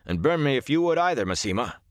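A man narrating a storybook who voices an excitable, argumentative young soldier speaking quickly and emphatically. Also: mid-range voice, dry recording, studio quality, pitched above the performer's own voice, lightly acted. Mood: mocking.

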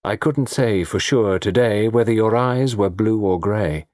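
A deep, hoarse cabaret singer woman, whose lyrics a male narrator recites in an audiobook. The delivery is low, soft and mournful. The recording is close and dry. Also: measured pace, no echo, natural voice.

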